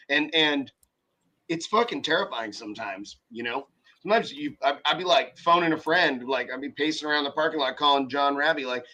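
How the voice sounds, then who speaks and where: A man's voice: fairly high pitch, a little fast. A man hosting a casual podcast chat, telling stories in a profane, rambling way. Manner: profane, rambling, animated storytelling. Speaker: podcast host, car audio shop owner.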